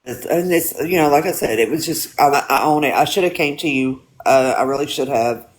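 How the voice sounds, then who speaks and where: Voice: medium pitch, brisk. A guest on a live stream saying sorry over and over, mid voice, faint noise behind. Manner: apologetic, earnest, repetitive. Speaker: livestream guest. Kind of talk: livestream chat.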